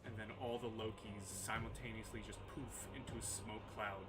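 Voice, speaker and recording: A man's voice: on the low side, fairly even intonation, moderate pace, loud music behind the voice. A man running a tabletop game as game master, narrating casually with frequent fillers.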